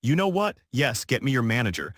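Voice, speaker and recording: A man's voice: mid-range voice, big pitch swings, fairly quick, a bit bright, breathy edge, dry recording. Brief: narrator as an arrogant businessman, sneering and pushy, plain male voice, dry close mic. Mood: condescending. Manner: condescending and assertive. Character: arrogant condescending businessman, impatient and rude.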